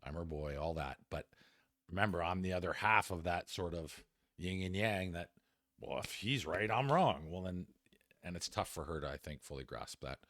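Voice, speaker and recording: A man in his fifties co-hosting a podcast, telling a personal story in casual chat, animated and laughing as he goes, with the odd swear. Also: sits low, moderate pace, no echo, studio quality. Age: 50s. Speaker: podcast co-host.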